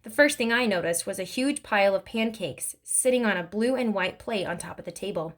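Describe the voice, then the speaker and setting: A woman's voice: medium pitch, lively intonation, fairly quick. Woman reading a novel aloud. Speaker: reader.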